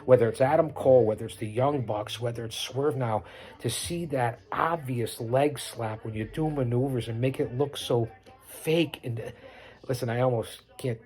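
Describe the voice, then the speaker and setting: A man's voice: medium pitch, normal speed, darkish tone. A middle-aged man hosting his own podcast, giving unscripted live commentary over a wrestling broadcast in a boastful, preachy way, repeating himself and rattling off lists. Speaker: podcast host doing wrestling watch-along commentary.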